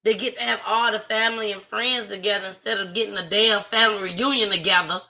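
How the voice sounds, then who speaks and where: Bright-voiced woman hosting a live stream. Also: medium pitch, fairly even intonation, fast talker, vocal fry, low-quality recording. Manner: chatty, heartfelt, addresses viewers directly. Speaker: livestream host. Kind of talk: casual livestream talk.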